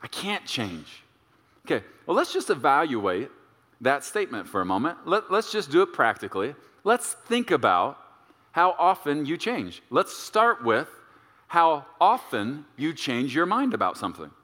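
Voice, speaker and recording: A male pastor preaching with a bright, forceful voice that rides a little high. He is emphatic, slows down to stretch key words, and drops in playful asides. A long reverb trails him through a large church room. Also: huge pitch swings. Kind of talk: sermon.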